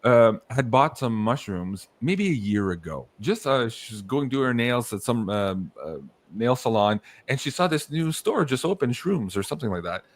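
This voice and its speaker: Animated man hosting a podcast. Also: medium pitch, moderate pace. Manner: animated storytelling, swears casually, acts out quotes. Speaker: podcast host. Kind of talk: casual podcast chat.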